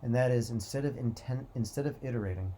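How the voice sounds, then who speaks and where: A man hosting a motivational talk, speaking in a calm, reflective way with slow, repeated phrases. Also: mid-range voice, slight background noise. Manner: calm, repetitive, drawn-out phrasing. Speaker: host.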